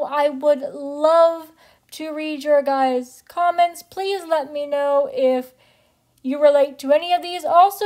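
High-voiced chatty young woman vlogger. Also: a little mellow. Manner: chatty, peppered with "like", playful exaggeration. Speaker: channel host. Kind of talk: casual vlog talk to viewers.

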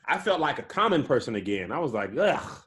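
Bright, lively-voiced joking man. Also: mid-range voice, fast talker. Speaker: podcast co-host. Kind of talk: casual podcast banter.

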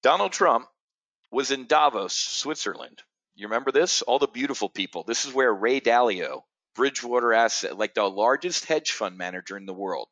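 A man's voice: medium pitch, expressive, moderate pace, fairly bright tone, dry recording. A man hosting a live options-trading brief from a studio chair, talking straight to camera in brash, boastful sales patter. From United States. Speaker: trading educator. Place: indoor studio, seated facing camera.

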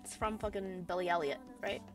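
A young woman chatting casually on a stream, lively and laughing, swearing easily. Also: medium pitch, a little fast, soft background music. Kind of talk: casual chat.

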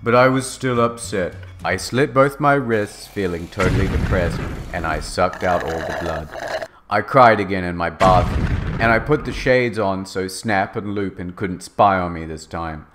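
A man narrating a fanfic as a comedic dramatic reading, in a mock-earnest deadpan. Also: sits low, normal speed, over music.

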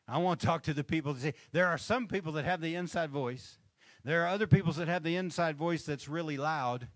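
A man with a fairly high voice, recorded dry, preaches a conversational sermon from a church stage. He checks in with the congregation for amens and chuckles between points.

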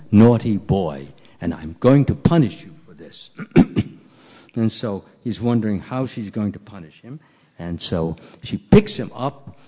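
A man giving a sermon, telling a story in an animated way and acting out its scenes, recorded in a temple hall. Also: medium pitch, husky. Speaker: preacher. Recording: reverberant hall.

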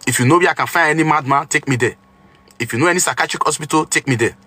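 Man, Nigerian accent, livestream pastor, boastful, indignant, husky, tense. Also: on the high side, racing, bright, forceful tone, dry recording. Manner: boastful and indignant, scolds the audience. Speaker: self-styled pastor on a livestream. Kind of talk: livestream rant to viewers.

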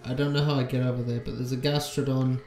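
Casting note: mid-pitched guy for a let's-play streamer, swears casually, roomy echo, faint music underneath. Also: flat delivery, quick pace, darkish tone. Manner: casual, swears freely, mutters to himself. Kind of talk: live game-stream commentary.

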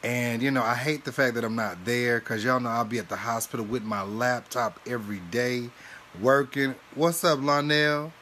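A man hosting a live stream, chatting and preaching to viewers in an animated way, laughing often and calling listeners baby and honey. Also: mid-range voice, moderate pace, slight background noise. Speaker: livestream host and minister.

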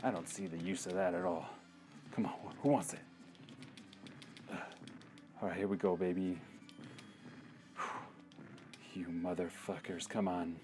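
Speaking over music, this man has a low voice with fairly even intonation, a slightly slow pace, and frequent pauses. His casual let's-play commentary on a retro game features profanity, jokey outbursts, and insults for the enemies.

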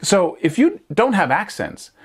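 A man's voice: sits high, measured pace, husky. A man giving a guitar lesson, explaining picking technique and checking in with listeners as he goes. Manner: animated, hands-on, scats picking rhythms aloud; checks in often with "right?" and "wouldn't you say?". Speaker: guitar teacher.

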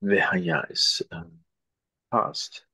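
Slow low-voiced man answering haltingly. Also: steady tone, pushed and bright, slightly rough, dry recording. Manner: hesitant short answers and backchannels. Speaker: student. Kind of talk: answering in an online class. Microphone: video call.

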